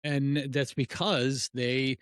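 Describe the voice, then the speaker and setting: A man's voice: medium pitch, steady tone, takes it slowly, clean tone, no room sound, clean studio sound. Rambling middle-aged male fitness coach. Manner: rambling, restarts phrases, uses analogies and asks rhetorical questions. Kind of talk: casual podcast conversation.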